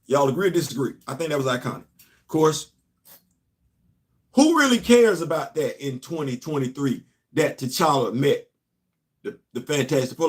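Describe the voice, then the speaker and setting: A middle-aged man, hosting casual comics commentary, talking straight to viewers and often getting loud and excited. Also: fairly high pitch, moderate pace, pauses often. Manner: animated, talks straight to the audience, rising to loud exclamations. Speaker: host of a comics commentary channel.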